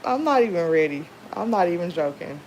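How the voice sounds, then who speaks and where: Woman livestreamer, lower pitch, rambling casual storyteller, faint hiss behind. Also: animated, fairly quick, a little mellow, low-quality recording. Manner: chatty, rambling storytelling with many fillers. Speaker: livestream host. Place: home.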